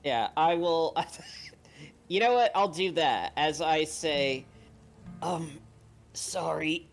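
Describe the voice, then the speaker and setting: Slow-talking player at a tabletop game. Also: medium pitch, lively intonation, soft background music. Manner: slow, laughing, swearing. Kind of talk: casual tabletop game chat.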